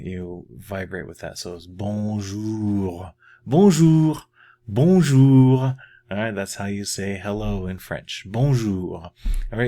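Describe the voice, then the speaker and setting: A man teaching a beginner French lesson in a casual, patient way, often repeating words slowly to model how they sound. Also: on the low side. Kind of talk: casual video language lesson.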